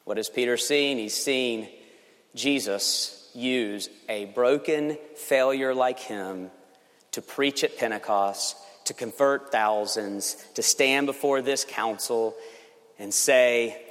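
A man preaching a sermon as pastor, emphatic and swinging between loud passages and hushed ones. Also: mid-range voice, slow, in a large hall.

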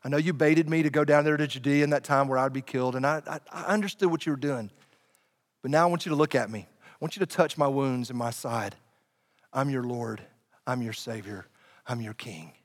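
A man pastor voicing the resurrected Jesus as a gentle, tender grown man in a soft, quiet voice. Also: on the high side, a little fast, pauses often, big-room sound, close to an everyday voice.

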